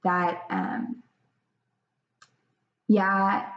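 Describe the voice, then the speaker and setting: Slow, hesitant woman in an echoey room. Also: mid-range voice, level tone. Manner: hesitant, many fillers and restarts, acts out parent quotes. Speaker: presenter explaining a parenting concept. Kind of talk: informal explanatory talk. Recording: echoey room, slightly dull sound.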